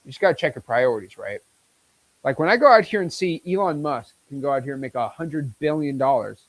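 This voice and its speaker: A man in his twenties hosting a casual livestream, talking in a hyped, boastful and excitable way. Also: mid-range voice, a little fast, no room sound. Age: 20s. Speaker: host.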